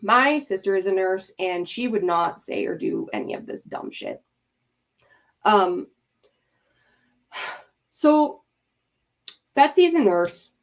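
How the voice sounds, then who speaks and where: A woman's voice: medium pitch, sing-song, takes it slowly, gravelly, pauses often. A woman hosting a livestream, ranting in exasperated, emphatic commentary, swearing freely and breaking off to talk to her chat. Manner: talks to chat and mods mid-rant. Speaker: livestream host.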